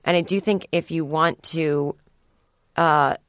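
A woman comedian in her thirties hosting a podcast, chatting in a casual, animated way from a studio and slipping into playful voices for the people she quotes. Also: low-pitched, slow, clear, resonant tone, no echo.

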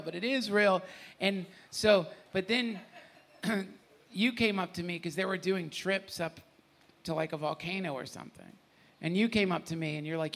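A man with a high, bright, gravelly voice tells a heartfelt story before a retreat audience. He is animated and laughs often, and at moments his voice thins and breaks with emotion. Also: moderate pace.

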